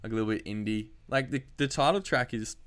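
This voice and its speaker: A man's voice: medium pitch, fast talker, a bit bright, clear, resonant tone. A man hosting a casual music podcast, chatting loosely with fillers and swearing. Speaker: podcast host. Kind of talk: casual chat.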